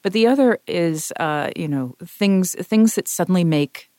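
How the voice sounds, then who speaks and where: A woman's voice: lowish voice, expressive, a little slow, warm tone, no echo, studio quality. A woman co-hosting a podcast discussion, a voice actor who explains her points thoughtfully with worked examples.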